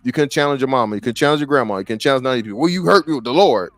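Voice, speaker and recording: A man's voice: mid-range voice, lively intonation, racing, a bit bright, dry recording. A man co-hosting a podcast, telling a story in casual chat, swearing freely and acting out the people he quotes. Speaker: podcast co-host. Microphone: studio microphone.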